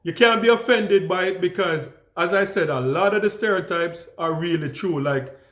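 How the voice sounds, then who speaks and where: A young adult man with a Jamaican accent, telling stories to the camera in a calm, easygoing way with many restarts. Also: sits high, normal speed, roomy sound. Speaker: vlogger. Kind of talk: casual storytelling to camera.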